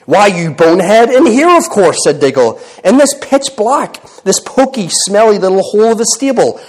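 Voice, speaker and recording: A man voicing a surly, suspicious male dwarf from a storybook passage, gruff and scornful. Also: high voice, animated, moderate pace, low-quality recording.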